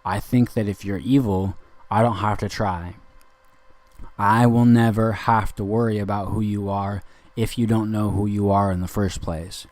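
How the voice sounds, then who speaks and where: A man's voice: lowish voice, fairly even intonation, moderate pace, a little mellow, dry recording. A young man talking in a rambling, confrontational monologue, intense and lecturing, circling back over the same points. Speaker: speaker addressing a listener.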